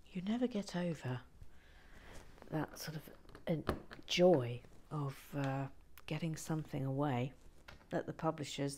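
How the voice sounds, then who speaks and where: A woman chatting casually to a live stream as she builds a kit, often dropping to a soft whisper and muttering to herself. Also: low-pitched, gravelly, a little hiss or hum. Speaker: streamer building a brick kit and reading chat.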